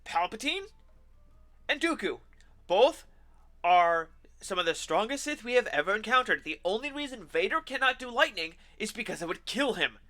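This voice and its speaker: A streamer man with a high voice and a piercing, very bright tone. He rants sarcastically and with animation while playing a game, swearing freely. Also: sing-song, moderate pace, faint music behind. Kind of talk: ranting commentary while gaming.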